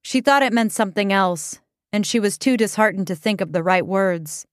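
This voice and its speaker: A woman narrating a comic story in a level, deadpan read. Her voice sits at an ordinary middle pitch. The sound is close and dry, with no room around it. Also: normal speed, no echo. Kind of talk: reading a comic story aloud.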